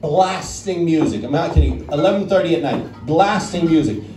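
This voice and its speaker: A man's voice: a little high, moderate pace, dark tone, distant mic, slight background noise. A male stand-up comedian from the Netherlands, telling a chatty story on stage and talking with the crowd. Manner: chatty, acts out voices, talks to the crowd. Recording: roomy club sound with crowd. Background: audience laughing.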